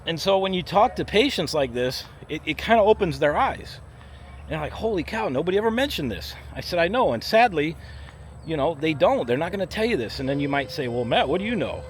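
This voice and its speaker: Man, walk and talk vlog, blunt emphatic delivery, slightly high voice, faint traffic noise outside. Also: big pitch swings, a little fast. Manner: blunt, emphatic, acts out body parts in voices. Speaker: firefighter paramedic vlogger. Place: outdoors in a theme park area. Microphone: handheld camera while walking.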